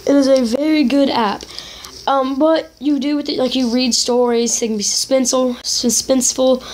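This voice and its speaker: A woman's voice: sits high, fairly even intonation, moderate pace, darkish tone. A woman casually introducing a story app to her viewers, chatty and apologetic. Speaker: video creator.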